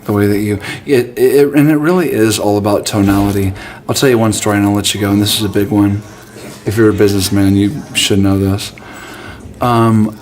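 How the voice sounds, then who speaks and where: A man talking in a rambling, casual monologue to his camera, dropping absurd jokes in a deadpan way. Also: lowish voice. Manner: jokey, absurd deadpan asides. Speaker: vlogger.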